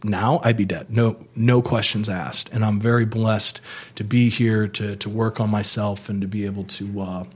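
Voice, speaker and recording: Animated storytelling man, swearing freely. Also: lowish voice, moderate pace, slightly rough. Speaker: podcast guest. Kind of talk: casual storytelling.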